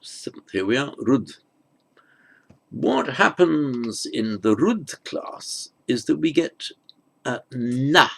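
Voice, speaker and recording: A man's voice: mid-range voice, very animated, takes it slowly, creaky, fairly bright tone. A man teaching an online grammar lesson, thinking aloud with fillers and restarts and muttering asides under his breath. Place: at a desk with a tablet.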